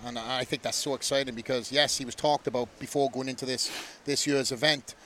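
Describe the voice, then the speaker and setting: A man chatting on a podcast panel, enthusiastic and quick to laugh. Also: mid-range voice, fairly even intonation, pushed and bright, a little hiss or hum. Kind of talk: casual podcast chat.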